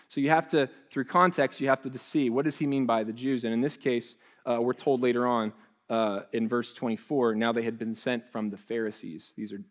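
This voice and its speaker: A man preaching a conversational sermon. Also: medium pitch. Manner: conversational preaching with restarts and asides. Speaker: pastor.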